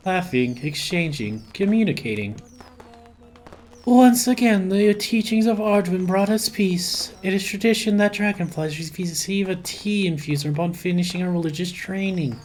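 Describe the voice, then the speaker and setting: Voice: medium pitch, moderate pace, darkish tone, slight background noise, pitched above the performer's own voice, close to an everyday voice. Streamer reading as a solemn dragonfly monk.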